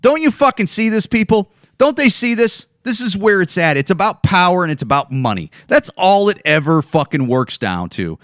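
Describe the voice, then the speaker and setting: A man's voice: high-pitched, big pitch swings, moderate pace, hardly any pauses, fairly bright tone, no echo, studio quality. Angry profane man ranting on a podcast. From Chicago area, USA. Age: 40s. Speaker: podcast host.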